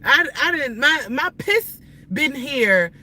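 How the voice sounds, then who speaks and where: A woman's voice: sits high, lively intonation, takes it slowly, sharp tone, rough recording. A woman in her thirties livestreaming from inside her car as she drives, ranting in a heated, profane, rambling way. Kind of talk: ranting live stream while driving. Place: inside a car while driving.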